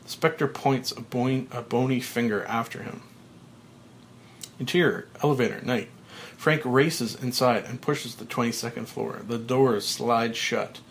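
Male podcast host, plain even read of stage directions, mid-range voice. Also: medium pitch, creaky, slight background noise. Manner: plain, even reading with small slips. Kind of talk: reading screenplay directions aloud.

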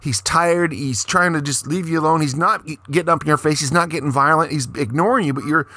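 Man, co-host, casual podcast chat, profane heated retelling, bright forceful voice, dry close sound. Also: a little high, fast, no room sound.

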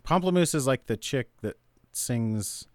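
A man's voice: mid-range voice, lively intonation, unhurried, a little mellow, no echo, clean studio sound. A man co-hosting a podcast, playful and jokey, chiming in and hedging his opinions in casual chat. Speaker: podcast co-host.

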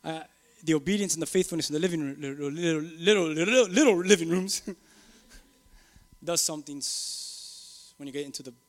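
A middle-aged man, a pastor preaching a sermon, moving from low musing to loud, emphatic preaching. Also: moderate pace.

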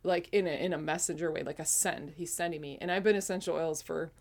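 Woman, low voice, forties, casual testimony, rambling, self-correcting. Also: steady tone, quick pace, darkish tone. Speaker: speaker sharing a spiritual testimony.

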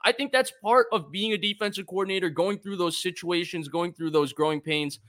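A man's voice: high voice, fairly quick, a bit bright. A man co-hosting a sports talk show, laying out his arguments point by point in an analytical way. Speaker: co-host, football analyst.

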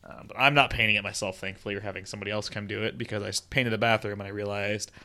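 A man chats casually on a podcast, easygoing, letting sentences trail off with fillers. He talks quickly in a lowish voice. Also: fairly even intonation, sharp tone. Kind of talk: casual chat.

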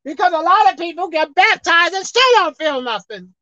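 High-voiced woman preaching emphatically. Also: lively intonation, normal speed, no echo. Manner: emphatic preaching that swings between loud outbursts and quiet asides. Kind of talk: sermon. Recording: dull lo-fi dry sound.

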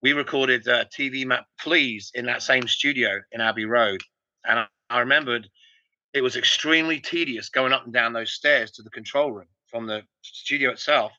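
A middle-aged man, a musician, telling animated stories in a casual interview, with many restarts. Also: mid-range voice, moderate pace, no room sound. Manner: rambling, animated anecdotes with restarts. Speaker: musician guest. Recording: dull, lo-fi dry sound.

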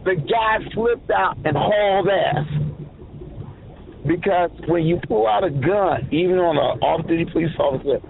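A man's voice: high voice, unhurried, vocal fry. A man hosting a talk radio show, telling a story in an easygoing, plain-spoken way. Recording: phone-like band, faint noise.

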